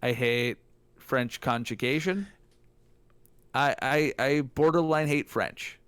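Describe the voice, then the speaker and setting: A man's voice: mid-range voice, takes it slowly, a bit bright, clean tone, dry recording. A man streaming a text adventure with a friend, reading the game text aloud and ranting jokingly between turns. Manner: reads game text aloud, jokey rants. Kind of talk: casual co-op gaming chat.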